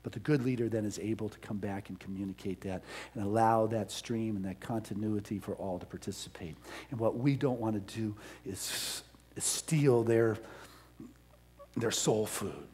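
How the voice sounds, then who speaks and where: A middle-aged male pastor giving a storytelling sermon, dropping to soft asides and rising to loud, emphatic peaks. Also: fairly low pitch, moderate pace, breathy edge.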